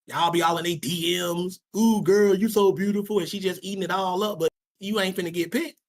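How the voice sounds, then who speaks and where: A man's voice: high-pitched, flat delivery, brisk, a bit bright. A man leads a Sabbath class with blunt, slangy advice for young people. He talks emphatically and keeps hammering his points home by saying them twice. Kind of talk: informal preaching to young people.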